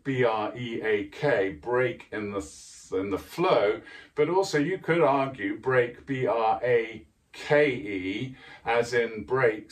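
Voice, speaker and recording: Deliberate slow-speaking male teacher. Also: medium pitch, distant mic. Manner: measured, deliberate delivery with careful emphasis. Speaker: writing teacher. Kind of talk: explaining poetry to camera.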